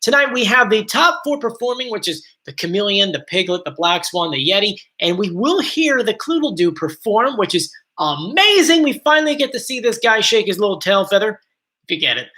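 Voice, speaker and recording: Speaking briskly with big swings in his high pitch, a man hosts a casual live stream in a mixed South Jersey and Philadelphia accent. His bright, forward voice rambles happily across viewer comments.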